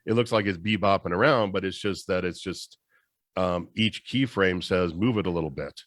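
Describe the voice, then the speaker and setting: A man's voice: deep voice, normal speed, a bit bright, dry recording, studio quality. A man co-hosting a casual chat, explaining things step by step with many restarts. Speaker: co-host.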